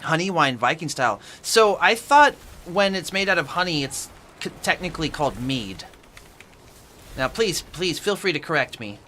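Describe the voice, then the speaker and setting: A man's voice: on the high side, very animated, normal speed, bright, forceful tone, slight background noise. A man streaming at home from his apartment, casually chatting with viewers and answering their chat messages aloud as he plays.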